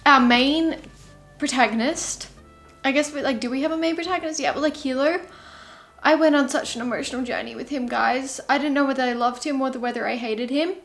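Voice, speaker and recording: A woman's voice: high voice, brisk, a bit bright, faint music behind. A young woman vlogging about books in a casual, rambling way, openly emotional and gushing about what she reads. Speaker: book vlogger. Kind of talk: casual reading vlog.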